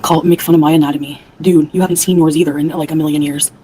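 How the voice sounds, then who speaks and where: A woman's voice: low voice, steady tone, quick pace, noisy background. A woman from Canada ranting angrily on a livestream, profane and heated, answering her chat. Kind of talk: angry livestream rant.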